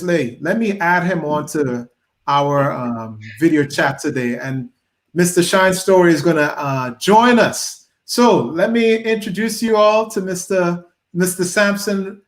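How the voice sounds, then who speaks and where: A chatty Trinidadian man opens his interview show in an easy, upbeat way. His voice sits a little high for a man, and he keeps the talk loose and friendly. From Trinidad and Tobago. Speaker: interview host. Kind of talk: casual video-call interview intro.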